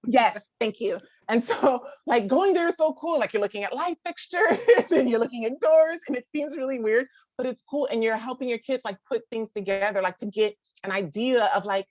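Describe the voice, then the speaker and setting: A woman in her thirties with a slightly high, darkish voice talks casually to a live group about being a parent. Her speech is full of "like" and quick restarts, and she laughs often and mimics others. The audio is dull with no room sound.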